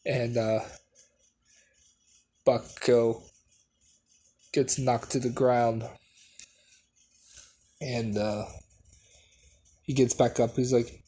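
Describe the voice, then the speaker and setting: Brief: male fan storyteller, unhurried, halting, casual delivery. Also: medium pitch, flat delivery, warm tone, breathy edge. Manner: halting, full of fillers and restarts. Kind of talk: casual unscripted story retelling.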